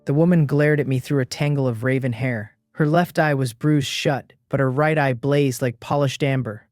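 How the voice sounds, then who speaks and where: A man narrating a first-person adventure recap in a steady, even storytelling manner. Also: mid-range voice, normal speed, few pauses, dry recording, clean studio sound.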